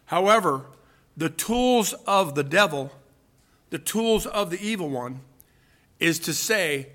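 A man's voice: fairly high pitch, animated, slow, long pauses, a bit bright. A man preaching a sermon to his congregation, emphatic and full of rhetorical questions. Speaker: pastor.

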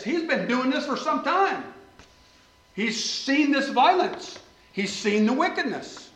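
Man preaching, high voice, impassioned, loud pleas and hushed asides, echoey room. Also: big pitch swings, slow pace. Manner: impassioned, swings between loud pleading and quiet asides. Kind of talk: sermon.

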